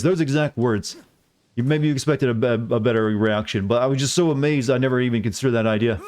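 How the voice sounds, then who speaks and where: A man's voice: medium pitch, fairly even intonation, quick pace, darkish tone, clear, resonant tone. Rambling self-deprecating man streaming. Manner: rambling, self-deprecating joker with many fillers and restarts. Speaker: game streamer. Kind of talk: casual live-stream chat while playing.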